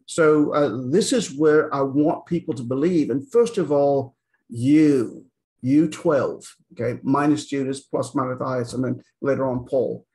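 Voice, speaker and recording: A man's voice: mid-range voice, a little slow, darkish tone. A man giving an informal Bible lecture, talking conversationally with many fillers and frequent "okay?" check-ins, retelling scripture in casual paraphrase. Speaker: Bible teacher.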